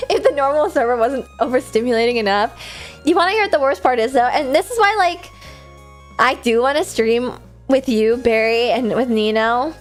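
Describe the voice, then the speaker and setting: A high-voiced young American woman runs her livestream in loose, bubbly chatter. She laughs often and swears freely while answering chat, with soft music in the background. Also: normal speed. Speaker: livestream host. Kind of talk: casual stream chat, reading chat aloud.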